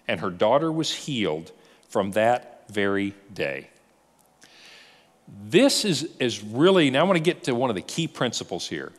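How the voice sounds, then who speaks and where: Male pastor, lively sermon delivery, storytelling, rhetorical questions, expressive up-and-down pitch, reverberant church hall. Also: normal speed.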